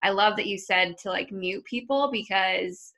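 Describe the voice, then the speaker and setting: A rambling woman host from Iowa chats loosely and fills her talk with "like" and "I don't know". Her voice is bright and a little tense, with a gravelly fry running through it. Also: medium pitch, moderate pace. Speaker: podcast host. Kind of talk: casual podcast chat.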